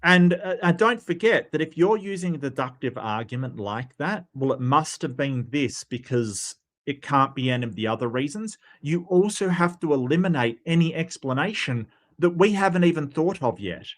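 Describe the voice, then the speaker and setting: A man's voice: fairly high pitch, lively intonation, normal speed, few pauses. A man talking through the reasoning of a debate in casual commentary, with plenty of fillers, spelling out his argument step by step. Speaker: debate reviewer.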